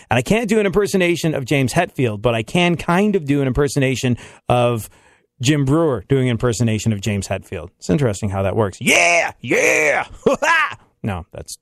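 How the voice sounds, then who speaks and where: Guy hosting a radio show, goofing around and laughing, mid pitch, dead dry mic. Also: no room sound. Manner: jokey, laughs often, rambling. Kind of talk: casual chat.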